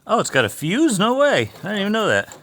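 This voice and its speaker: A man's voice: high-pitched, huge pitch swings, quick pace, fairly bright tone, slight background noise. A man talks casually in his home garage as he works on an old race car. He rambles through an amused story, piling on asides as he goes. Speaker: garage vlog host. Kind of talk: casual chat while working on a race car.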